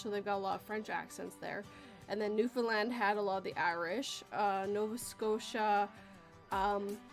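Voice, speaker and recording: Chatty woman host, from Western Canada, rambling talk, faint music underneath. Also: medium pitch. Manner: chatty, rambling, laughs often. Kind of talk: casual chat.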